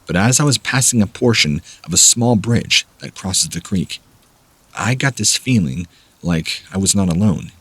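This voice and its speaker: Deep husky male horror narrator. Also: no room sound. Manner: steady, measured storytelling. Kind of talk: scripted narration of scary stories.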